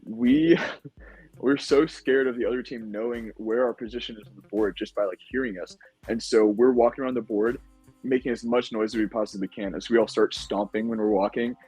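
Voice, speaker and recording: A young man speaks as a podcast guest, retelling his time as a game-show contestant in loose, animated storytelling full of fillers. His voice sits at an ordinary pitch with a husky, slightly rough edge. Faint music plays behind him. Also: fairly quick, poor audio. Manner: animated recounting with many fillers. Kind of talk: casual storytelling.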